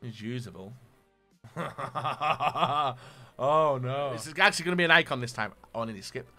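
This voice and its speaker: A man giving gaming commentary as he opens packs, excitable, dropping to low muttering and then bursting into shouts. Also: moderate pace, faint music behind. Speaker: gaming YouTuber. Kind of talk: pack-opening gaming commentary.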